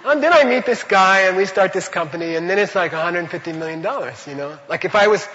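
This man's voice sits high and sounds animated, pushed and bright, moving at a quick pace. He's a Buddhist teacher giving a loose, chatty spiritual talk full of anecdotes and "you know," laughing through his stories, captured in an echoing hall with dull lo-fi sound.

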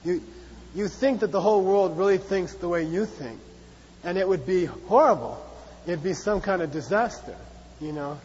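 A man's voice: sits high, moderate pace, darkish tone, slight background noise. A man teaching a Buddhist class in a chatty, repetitive way, playfully acting out sarcastic voices. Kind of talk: dharma class lecture. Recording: dull, reverberant hall.

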